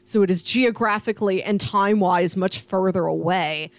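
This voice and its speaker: A woman's voice: medium pitch, moderate pace, no room sound. A young woman co-hosting a podcast, chatting enthusiastically with lots of "like" fillers. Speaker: podcast co-host. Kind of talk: casual podcast chat.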